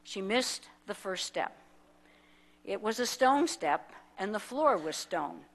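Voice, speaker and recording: A woman's voice: medium pitch, big pitch swings, takes it slowly, fairly bright tone. A woman minister from the United States telling a story in a sermon, acting out the people in it as she goes. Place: church sanctuary.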